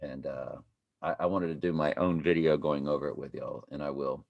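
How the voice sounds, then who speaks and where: A man hosting a commentary video, rambling and halting as he talks to his viewers. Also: very deep voice, steady tone, vocal fry, highs cut off. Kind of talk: casual commentary over clips.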